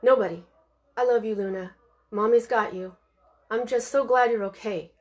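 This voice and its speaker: A woman reading aloud and voicing a worried mother who hides her fear behind hurried reassurance. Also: fairly high pitch, close to an everyday voice. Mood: soothing.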